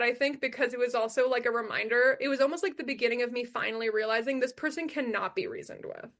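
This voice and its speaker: A woman's voice: fairly high pitch, fairly bright tone. A young adult woman as a podcast guest, telling a personal story in a blunt, emphatic way, swearing freely and repeating her key lines.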